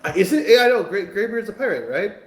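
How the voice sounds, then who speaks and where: A man's voice: high-pitched, big pitch swings, a little fast. A man chatting in an online game session, stumbling and restarting his sentences. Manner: stammering, many restarts. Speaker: player in an online bridge-crew game. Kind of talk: casual voice chat. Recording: roomy echo on voice chat.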